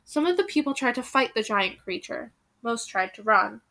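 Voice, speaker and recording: A woman reads a fantasy story aloud, building suspense with dramatic pauses. Her voice is bright, sitting a little above the usual pitch. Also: very animated, vocal fry. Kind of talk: reading a book aloud.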